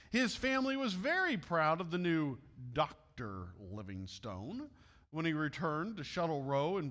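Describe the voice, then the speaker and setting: A man's voice: on the high side, sharp tone, in a large hall. A man with a Midwestern US accent reading a missionary story aloud at church, with friendly asides to his listeners.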